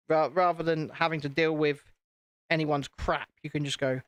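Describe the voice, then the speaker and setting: A man's voice: fairly high pitch, steady tone, normal speed, clean tone, no echo. A British man hosting a casual live stream, chatting to viewers while he builds and poking fun at himself. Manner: chatty, self-deprecating, talks to viewers.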